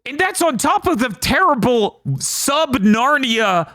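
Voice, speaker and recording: A man's voice: extremely high pitch, takes it slowly, dry recording, studio quality. A man co-hosting a podcast, reviewing a movie in casual, exasperated rants. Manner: animated, exasperated ranting with swearing. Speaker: podcast co-host.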